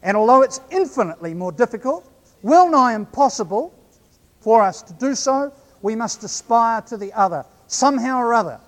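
A man's voice: very high-pitched, lively intonation. New Zealand man preaching in echoing hall. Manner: measured, slows right down for emphasis. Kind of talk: sermon.

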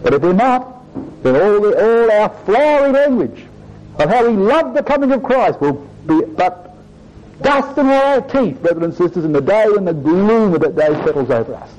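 A man's voice: sits high, sing-song, moderate pace, a little mellow, a little hiss or hum. A man preaching a sermon to his congregation, earnest and emphatic, often addressing them as brothers and sisters. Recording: dull lo-fi recording.

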